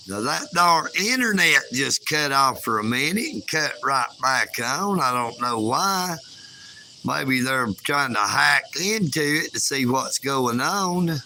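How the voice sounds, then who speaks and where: A man's voice: mid-range voice, expressive, slow pace, gravelly, bright, forceful tone, slight background noise. A man, chatting casually and folksily on a livestream outdoors at night. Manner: folksy, calls himself a hillbilly. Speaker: livestream host.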